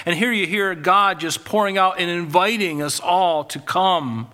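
Bright-voiced male pastor preaching. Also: sits high, unhurried. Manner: conversational preaching with asides and restarts. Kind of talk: sermon.

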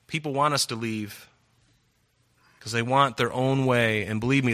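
A man's voice: mid-range voice, steady tone, moderate pace, fairly bright tone. A male preacher giving a sermon, earnestly reading Bible verses aloud and explaining them.

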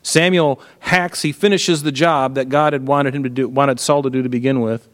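A man's voice: medium pitch, steady tone, normal speed. Earnest man teaching from the Bible. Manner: earnest, frequent "right?" asides and restarts.

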